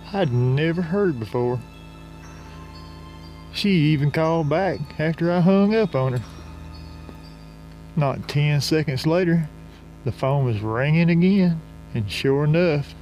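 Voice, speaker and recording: Folksy guy telling a funny story, real slow, kinda high voice, faint music under it. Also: darkish tone. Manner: folksy rural slang, drawling and unhurried. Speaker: narrator. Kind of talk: comic storytelling narration.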